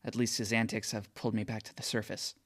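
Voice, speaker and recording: A man's voice: on the low side, little pitch movement, quick pace. A man reading first-person audiobook narration with emotional, tearful outbursts.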